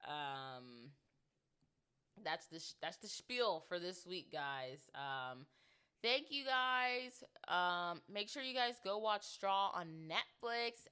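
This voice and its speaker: A woman's voice: on the low side, sharp tone, clear, resonant tone. A young woman hosting her own podcast, chatting casually and self-deprecatingly with lots of "like" fillers. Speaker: podcast host. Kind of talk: casual solo podcast chat.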